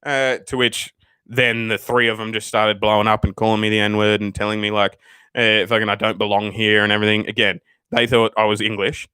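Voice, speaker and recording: A man's voice: fairly low pitch, level tone, fairly quick, bright, forceful tone, smooth, dry recording. A man hosting his channel, telling stories in a swearing, ranting way. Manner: profane, ranting, storytelling. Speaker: channel host. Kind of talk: casual livestream chat.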